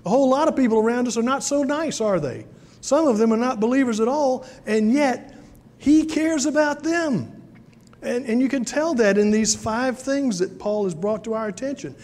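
A man's voice: high voice, a little mellow, long reverb tail. A man from South Carolina, preaching a sermon in a folksy storytelling way with many fillers. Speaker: pastor.

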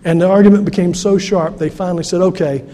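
Male pastor, high mellow voice, storytelling sermon, long church reverb. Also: fairly even intonation, fast. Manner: storytelling, acts out quoted voices. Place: church sanctuary.

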